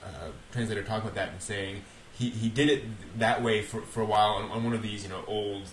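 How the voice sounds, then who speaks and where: A man's voice: lowish voice, little pitch movement, a little fast. A man co-hosting a casual podcast chat, talking in a rambling, hesitant way with frequent restarts. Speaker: podcast co-host. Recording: roomy echo with faint hiss.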